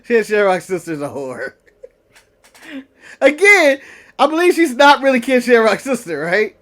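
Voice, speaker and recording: Guy co-hosting a podcast, really high voice, bouncy and jokey. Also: a little slow. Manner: animated, joking, lots of laughter. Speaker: podcast co-host. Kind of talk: casual chat.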